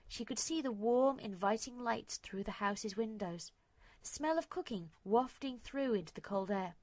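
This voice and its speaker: A woman narrating a dramatic story in an emotive way, at times dropping to hushed whispers. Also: medium pitch, dry recording.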